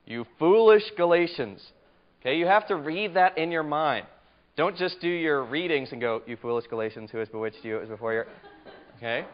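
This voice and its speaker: A man teaching a Bible study lecture in a conversational, emphatic way, asking his class questions, on a muffled lo-fi recording. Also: medium pitch.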